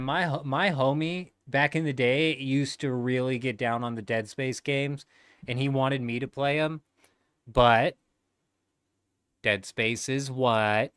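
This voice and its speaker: A man's voice: mid-range voice, a bit bright, clear, resonant tone, no room sound, studio quality. A man in his thirties chatting casually on a gaming livestream, laid-back and rambling, swearing freely.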